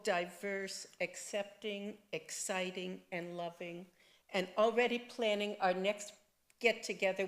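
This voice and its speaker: A woman giving a eulogy for her father and reading a poem aloud, in a gentle, measured way. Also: medium pitch.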